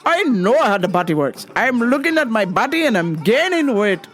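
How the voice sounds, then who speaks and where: Woman putting on a shrill, pushy lady customer. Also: very animated, normal speed. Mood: insistent. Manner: shrill, insistent, repeating herself. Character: rude demanding middle-aged woman customer.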